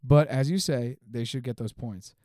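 A man co-hosting a podcast, chatting about football in a quick, teasing, animated way. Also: medium pitch, no room sound, clean studio sound. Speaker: podcast co-host. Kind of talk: casual sports chat.

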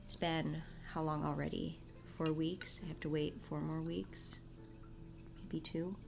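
A woman's voice: low-pitched, little pitch movement, measured pace, vocal fry, darkish tone, faint music behind. A woman talking casually to her viewers, confiding about her family and her faith. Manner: chatty, confessional, talks about faith. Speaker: vlogger and mother. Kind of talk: casual confiding vlog chat.

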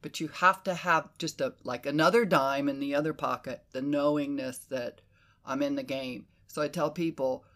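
A woman hosting a casual conversation, animated and emphatic, who swears freely and slips into quoted inner voices. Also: sits low, normal speed. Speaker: podcast host.

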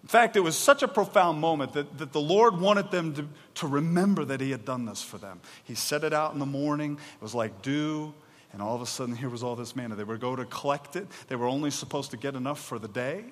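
Animated preacher man in a reverberant hall. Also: mid-range voice, fairly quick. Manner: animated, acts out voices with mock exasperation. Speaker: pastor. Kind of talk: sermon.

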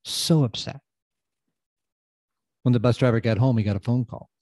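A man hosting a podcast, giving a motivational talk and repeating phrases, swinging from loud emphasis to quiet asides. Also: medium pitch, fairly even intonation, normal speed, dry recording. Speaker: podcast host.

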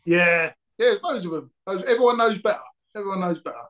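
High-voiced man making dry remarks. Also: animated, fast, fairly bright tone. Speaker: podcast guest, social media manager. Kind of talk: casual podcast chat.

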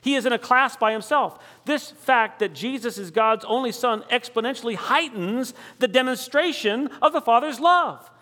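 Man preaching a sermon, high bright voice, slows way down on the big questions, long church reverb. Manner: dramatic, rhetorical questions, slows for emphasis.

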